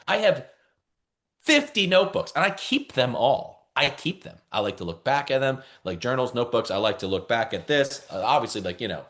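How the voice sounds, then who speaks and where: A man leading a team video call, giving an energetic motivational talk full of repetition and calls for the group to answer back. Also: medium pitch. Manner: energetic, repeats phrases, calls for responses. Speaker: team leader.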